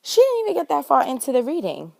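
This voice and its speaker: A woman's voice: high voice, huge pitch swings, quick pace, creaky, warm tone, no room sound. A young woman vlogger talking through a TV episode recap in a casual, chatty way, full of slang and playful drama. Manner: chatty, dramatic, slangy, acts out scenes in quoted voices. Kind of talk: casual animated recap chat.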